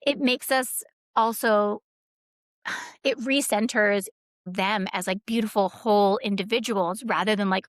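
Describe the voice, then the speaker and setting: A woman's voice: medium pitch, moderate pace, dry recording, clean studio sound. A woman guest on a podcast, telling stories in a rambling, casual way, with many fillers and quoted dialogue. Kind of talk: casual conversational storytelling.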